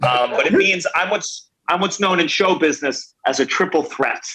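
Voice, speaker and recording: A man starting a stand-up set over a video call, halting, with many restarts. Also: on the high side, lively intonation, sharp tone, low-quality recording. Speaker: stand-up comedian.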